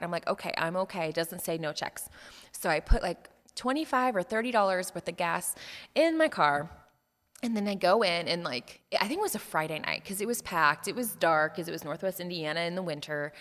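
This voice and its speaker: A woman co-hosting a church podcast, telling a personal story in an animated, chatty way and speaking straight to her listeners. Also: lowish voice, long reverb tail. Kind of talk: casual storytelling conversation.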